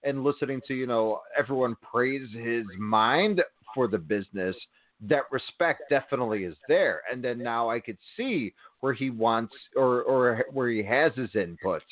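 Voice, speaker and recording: A man with a mid-pitched voice rambles through a casual podcast chat, full of fillers and restarts. His voice comes over a narrow, phone-like line with a dry, close sound. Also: moderate pace, dry recording. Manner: rambling, many "you know" fillers. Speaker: podcast co-host. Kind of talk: casual chat about wrestling.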